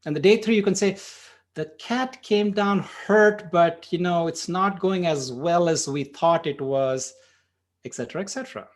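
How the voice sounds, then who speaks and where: A man doing a high-voiced woman lecturing. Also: normal speed, lightly acted. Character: upset woman gently lecturing her boyfriend.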